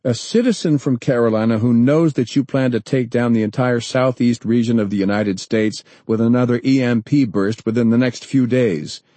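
A man's voice: medium pitch, normal speed, few pauses, no echo, pitched above the performer's own voice, lightly acted. A man reading aloud, voicing a resolute citizen leader who speaks firmly and issues threats. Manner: firm, forceful, threatening.

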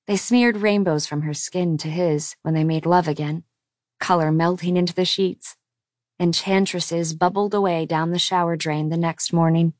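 A woman's voice: fairly low pitch, steady tone, moderate pace, darkish tone, no echo. Woman narrating an audiobook, dry sound.

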